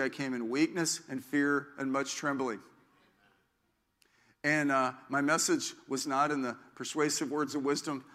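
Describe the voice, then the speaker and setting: A man's voice: mid-range voice, pushed and bright. A middle-aged man preaching a conversational sermon as pastor. He rambles with self-deprecating asides and frequent restarts.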